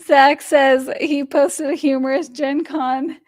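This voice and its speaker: Streamer host: young woman, higher pitch, rambling casual chat, dry close recording. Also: steady tone, slow, darkish tone, dry recording. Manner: rambling, frequent fillers and laughs, reads viewer comments aloud. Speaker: livestream host reading chat.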